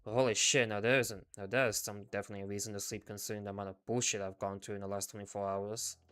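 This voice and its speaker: A male streamer reading a game story aloud in first person, in a subdued, low-key way with casual swearing. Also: little pitch movement, racing, fairly bright tone, smooth. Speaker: VTuber streamer.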